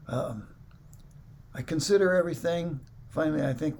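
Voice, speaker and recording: Animated man telling a story, high voice. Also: fairly quick. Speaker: musician telling a story to a congregation. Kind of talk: storytelling talk.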